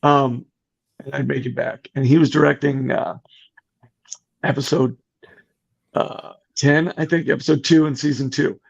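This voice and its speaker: Gravelly husky middle-aged guy telling a story on a podcast, animated, muffled audio. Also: medium pitch, a little slow, long pauses. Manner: animated, acts out quoted voices. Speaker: podcast guest. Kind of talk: casual storytelling.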